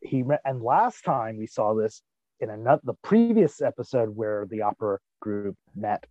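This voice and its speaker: A man's voice: fairly low pitch, very animated, moderate pace, warm tone, no echo, muffled recording. A man co-hosting a podcast, musing chattily about a TV episode. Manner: chatty, musing, with frequent restarts. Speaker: podcast co-host. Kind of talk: casual chat, TV episode discussion.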